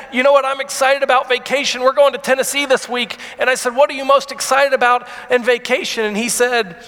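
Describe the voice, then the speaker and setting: Earnest high-voiced pastor in a hall. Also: male voice, sharp tone. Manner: earnest, halting with repeated words, grows emotional. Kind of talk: sermon.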